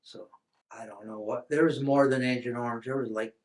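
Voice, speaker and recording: A man with a mid-range voice, fairly even intonation and a slightly fast pace. He's an older American veteran telling his story in an oral history interview, rambling with many restarts and fillers.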